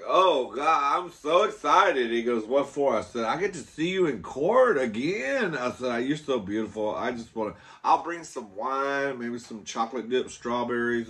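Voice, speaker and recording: A man's voice: on the low side, fairly bright tone. A man vlogging, telling a story in a flamboyant way, calling the listener "girl" and acting out the other people in it. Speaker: mukbang vlogger. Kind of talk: storytelling vlog. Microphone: phone camera.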